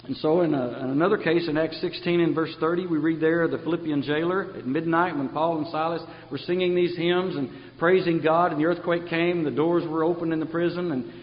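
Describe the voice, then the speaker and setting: A man's voice: fairly high pitch, steady tone, fairly quick, few pauses. A male preacher delivering a conversational sermon, sometimes acting out the voices in his stories. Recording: dull audio with long hall reverb.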